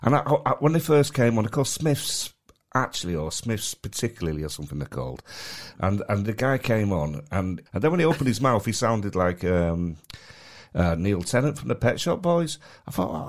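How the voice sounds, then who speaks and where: A man's voice: lowish voice, big pitch swings, brisk. A man with a Mancunian accent co-hosting a podcast, chatting casually in a rambling, stop-start way. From Manchester. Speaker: podcast co-host. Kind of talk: casual chat.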